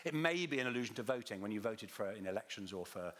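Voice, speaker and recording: Lively, bright-voiced man teaching a congregation. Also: on the low side, quick pace. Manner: lively, quizzes the audience, restarts phrases. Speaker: visiting Bible teacher.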